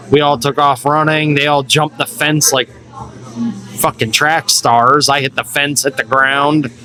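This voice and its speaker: Guy spinning a crude story at the bar, bright edgy voice, acts out all the quotes. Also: a little high, slow, long pauses, poor audio. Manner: profane, animated, acts out quotes. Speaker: interviewee telling a story. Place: local bar.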